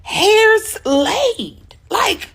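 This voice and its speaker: A woman's voice: very high-pitched, animated, very slow, vocal fry, a bit bright. A woman gushes in slang in a casual social media video. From United States. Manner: effusive and gushing, full of slang.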